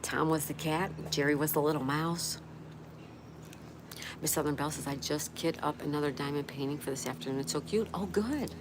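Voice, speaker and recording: A woman's voice: low voice, normal speed. A woman hosting a casual live stream, chatting and reading viewer comments aloud while greeting each person by name. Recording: steady background noise.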